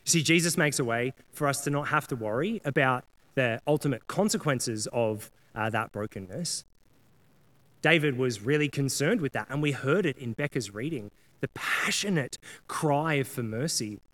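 A man's voice: medium pitch, lively intonation, normal speed, a bit bright. A man preaching a sermon in a casual, earnest way, often acting out prayers and apologies in quoted voices. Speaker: pastor.

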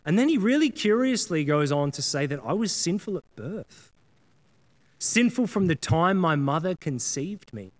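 A man's voice: fairly high pitch, very animated, moderate pace. A man preaching a sermon in a casual, earnest way, often acting out prayers and apologies in quoted voices. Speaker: pastor.

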